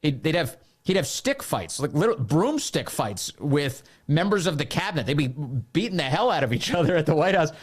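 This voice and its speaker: A man's voice: fairly high pitch, big pitch swings, fairly quick, hardly any pauses, husky. A man hosting a political talk podcast, speaking in a sarcastic, mocking way. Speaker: podcast and radio host. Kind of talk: political commentary.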